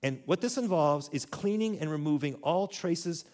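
A man's voice: on the high side, expressive, normal speed, a little mellow. A man teaching a church audience in a conversational way, asking them to repeat words after him. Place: church hall.

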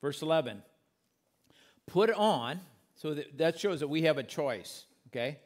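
A man with a slightly higher voice delivers a relaxed, conversational sermon. He reads scripture aloud and unpacks it plainly for his listeners, now and then dropping in a corny joke. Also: a little slow. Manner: conversational preaching with corny jokes. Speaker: pastor.

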